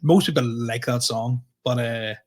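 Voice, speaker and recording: A young man co-hosting a comedy podcast, laughing often and talking in a halting, casual way. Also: medium pitch.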